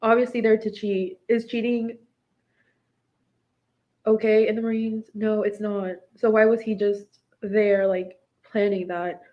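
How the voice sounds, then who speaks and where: A young woman in her twenties vents in an emotional personal vlog, her voice distraught as she circles back on herself with constant "like"s. Her pitch sits in an ordinary middle range. The recording is slightly dull and lo-fi. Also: flat delivery, a little slow. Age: 20s. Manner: distraught, venting, heavy use of "like". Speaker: vlogger recounting her marriage.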